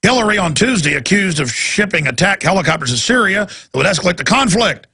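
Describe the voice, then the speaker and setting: A man's voice: sits high, big pitch swings, a little fast, bright, forceful tone. A male radio talk show host delivering a heated, sarcastic political rant. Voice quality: gravelly, raspy.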